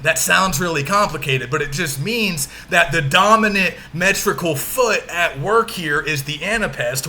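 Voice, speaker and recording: Bright-voiced man giving a lecture. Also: fairly high pitch, slight background noise. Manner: patient, frequent check-ins, exaggerates stressed syllables when demonstrating. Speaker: literature lecturer. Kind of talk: recorded lecture walkthrough.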